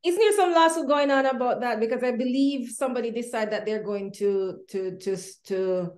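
A woman hosting an interview, speaking haltingly with fillers as she asks questions. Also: fairly high pitch, darkish tone. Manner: halting, with many fillers and restarts. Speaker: host. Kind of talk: casual interview chat. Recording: roomy echo.

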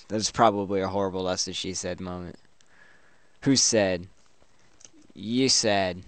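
A brash, foul-mouthed man riffs on a chatbot in an unhurried, drawn-out way, his lowish voice clean and smooth. He chuckles at his own jabs, and the sound is close and dry from a desk mic at his home computer. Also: fairly bright tone, no echo. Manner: brash, profane, laughs often at own insults. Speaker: let's play host. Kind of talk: crude joking commentary while typing to a chatbot.

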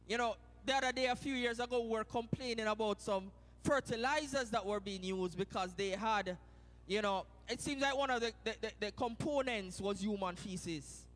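Jamaican male preacher, very high and bright, church sermon that jumps between hushed and shouted. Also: moderate pace, in a large hall. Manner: swings from low, hushed storytelling to loud shouted preaching. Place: church sanctuary.

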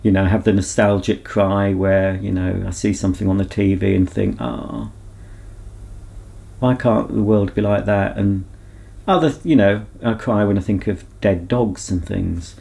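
A man's voice: sits low, normal speed, vocal fry, mellow. A man vlogging in a casual, rambling chat to camera, talking candidly and reflecting on himself.

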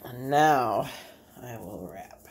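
A woman's voice: extremely low pitch, expressive, takes it slowly, slight background noise. A woman with a Bay City, Michigan accent, an artist and teacher chatting casually as she demonstrates a craft in her home kitchen, thinking aloud as she works.

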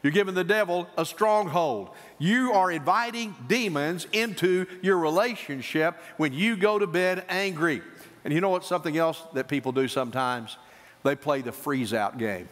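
A male pastor preaching a sermon, swinging between emphatic high points and quieter asides. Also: normal speed. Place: church sanctuary. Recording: church hall reverb.

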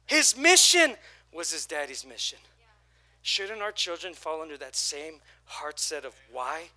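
A male pastor preaching in a church with a high-pitched, very bright and forceful voice. He tells the story in a casual, slangy way, stressing each point and drawing answers from the congregation. The delivery stays emphatic and lively throughout. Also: measured pace. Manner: lively, emphatic preaching with crowd call-and-response. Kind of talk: sermon.

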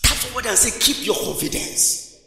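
A man preaching a lively call-and-response sermon to his congregation, stopping for laughter and shouted lines. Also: very high voice, a little fast. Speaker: pastor. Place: church auditorium. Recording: echoey church hall.

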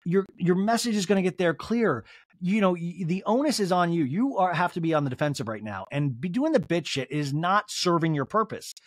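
A man hosting a podcast, talking with a bouncy, lively pitch as he gives a profane, gossipy recap. His voice sounds close and dry, with no room sound. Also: brisk, no room sound. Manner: animated, profane, chatty. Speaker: podcast host.

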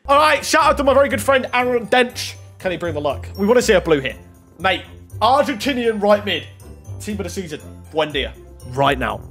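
A young man giving casual, excitable commentary while opening game packs, shouting at good pulls and muttering at bad ones. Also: high voice, fairly quick, faint music behind. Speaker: gaming YouTuber.

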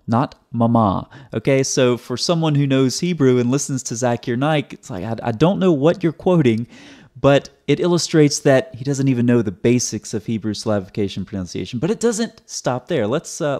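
A man's voice: medium pitch, lively intonation, brisk, few pauses, mellow. A man hosting his own video, giving a teaching commentary in a sarcastic, explanatory way and often repeating words as he restarts. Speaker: host.

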